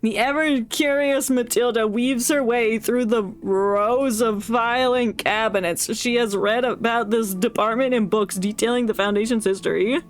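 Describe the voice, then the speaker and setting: A woman's voice: on the high side, fairly even intonation, normal speed, few pauses. A woman streamer who reads game text aloud in a playful, joking way, laughing and stumbling over words.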